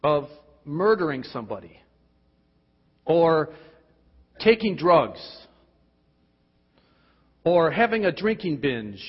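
A man preaching a sermon, asking emphatic rhetorical questions and dropping at times to quiet, intense tones. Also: big pitch swings, takes it slowly, pauses often, breathy edge. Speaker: pastor. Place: church. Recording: dull, boomy hall sound.

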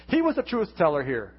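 A man preaching a conversational sermon as pastor, his voice swinging from loud emphasis down to hushed lines. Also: fairly high pitch, husky. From United States. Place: church sanctuary. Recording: lo-fi church recording with long reverb and faint music.

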